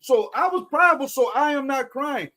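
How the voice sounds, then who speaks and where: Animated high-voiced man, playful. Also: moderate pace. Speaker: co-host. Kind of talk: casual chat.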